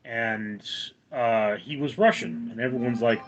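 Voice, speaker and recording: A middle-aged man with a General American accent hosting a casual livestream, reading out chat comments and answering them at a measured pace. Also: medium pitch, a little hiss or hum. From United States. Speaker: livestream host.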